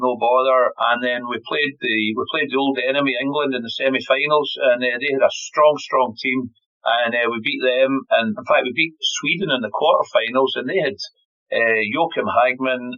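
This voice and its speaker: A Scottish man in his fifties tells a story with a bright, forceful voice, often stumbling over repeated words. The audio sounds a little dull, like a podcast recording. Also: medium pitch. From Scotland. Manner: animated, repeats words while telling a story, laughs. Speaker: guest, former golf pro.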